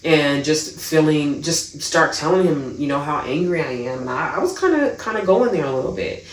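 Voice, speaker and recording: A woman co-hosting a faith podcast, telling a personal story in an animated way with lively asides. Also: deep voice, moderate pace. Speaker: podcast co-host. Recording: roomy, distant mic.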